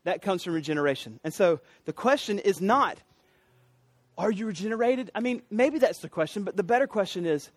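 High-voiced man preaching a sermon. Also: expressive, a little fast, no room sound. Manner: rising to emphatic, preachy cries on repeated phrases; retells and quotes a story in a storyteller's cadence.

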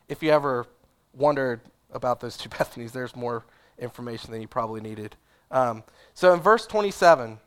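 A man's voice: medium pitch, fairly bright tone. A man preaching a sermon in a conversational, casual way, with asides and fillers. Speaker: pastor.

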